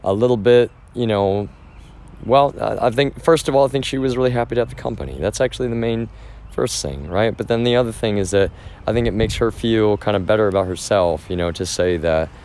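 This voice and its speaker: A man with a low, deep voice talks to his livestream viewers as he walks outdoors. He rambles and sounds agitated, with many fillers and false starts. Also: fairly quick, a little mellow, a little hiss or hum. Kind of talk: rambling casual livestream talk. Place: outdoors walking through a neighborhood.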